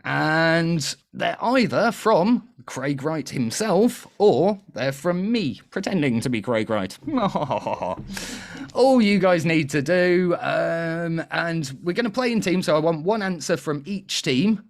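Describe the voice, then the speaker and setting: A cheeky man hosting a comedic panel quiz show, chatty and quick to laugh. His voice sits fairly high for a man. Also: animated.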